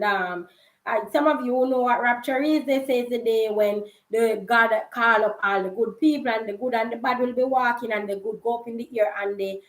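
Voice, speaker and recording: A young woman with a Jamaican accent chats through a personal story for her vlog, laughing easily and sliding into patois. Her voice sits a bit high. The room gives it a roomy echo. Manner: chatty, laughing, slips into patois. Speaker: vlogger.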